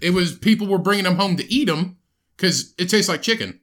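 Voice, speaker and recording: A young man co-hosts a casual podcast in a bright, slightly sharp voice that sits a bit high. He rambles through profane stories and swears freely. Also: expressive, a little fast. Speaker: podcast co-host.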